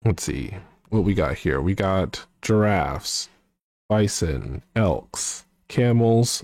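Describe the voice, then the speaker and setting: Guy rambling slowly, thinking out loud, dry close sound. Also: deep voice, expressive, dry recording. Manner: meandering, thinking aloud, self-correcting. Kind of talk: casual chat.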